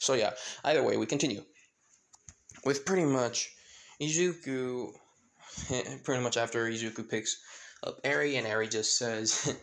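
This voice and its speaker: A man's voice: mid-range voice, measured pace, pauses often, a bit bright. Casual male narrator, rambling and filler-heavy, telling a fan story. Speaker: channel host and narrator.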